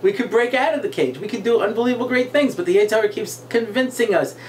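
A man's voice: fast, a little hiss or hum. A middle-aged man tells stories and jokes in an interview. His voice leaps up and down as he acts out the people in his tales. He speaks as a rabbi and a guest speaker. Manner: animated joke-telling, acts out characters with jumps in pitch. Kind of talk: storytelling interview chat.

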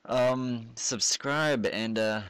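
A man's voice: medium pitch, fairly even intonation, very slow, fairly bright tone, smooth, no echo. A man hosting his gaming channel, talking casually to viewers in a rambling way full of fillers. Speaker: channel host.

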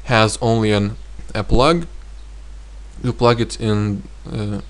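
A man teaching a vocabulary lesson, explaining with many pauses and saying each word twice. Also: fairly low pitch, steady tone. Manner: explains slowly, repeats words twice, many hesitations. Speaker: language teacher.

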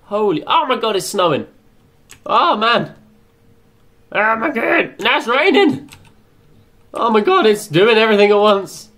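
Young guy gaming, lively swingy voice, swears a lot, talks to himself. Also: high-pitched, measured pace, pauses often. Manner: excitable, swears often, chatters to himself. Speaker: gaming channel host. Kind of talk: let's play commentary.

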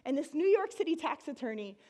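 A woman from the United States tells her story to an audience in a high, bright voice. She talks in an animated way, laughs often, and now and then breaks into excited shouts. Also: fairly quick. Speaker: speaker giving a talk.

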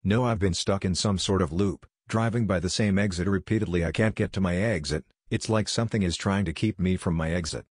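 A frightened young woman driver, read by a man in his own deep voice, pleading and exasperated. The low voice sits in a dry, close recording. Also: brisk, few pauses, darkish tone, no room sound.

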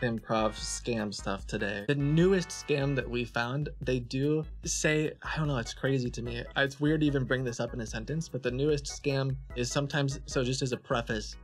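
A man guest in a casual chat, talking calmly and reassuringly as he explains things. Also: mid-range voice, normal speed, few pauses, faint music behind.

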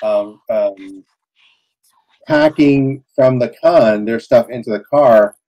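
A man's voice: mid-range voice, slow, dull audio. A man hosting a podcast who tells a rambling anecdote, full of fillers, in casual chat. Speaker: podcast host.

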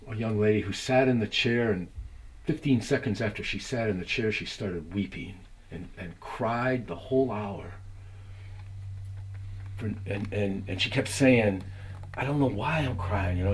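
A man who teaches high school philosophy, talking in an earnest, musing way in a documentary interview, sometimes trailing off mid-thought. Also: husky.

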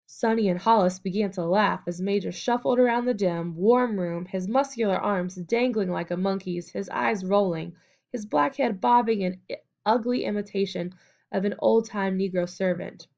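A woman narrates a novel aloud as an audiobook reader, keeping an even, measured storytelling manner. Her mid-range voice is gravelly, and the audio sounds dull.

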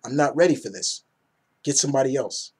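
A humble young squad leader pushes back on being put in charge and sounds full of self-doubt, as a man puts him on. The words come a bit quickly. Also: mid-range voice, breathy edge, close to an everyday voice. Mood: reluctant.

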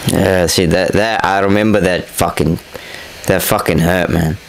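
A man's voice: low-pitched, fairly even intonation, a little slow, creaky, slight background noise, rough recording. A young man casually narrating over footage of his own boxing fight, candid and self-critical, swearing freely. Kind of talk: casual fight breakdown commentary.

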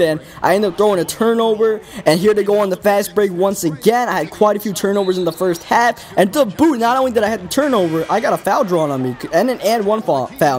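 A man's voice: sits high, darkish tone. A man hosting a gaming video, giving casual, rambling play-by-play commentary with an exasperated, self-critical tone.

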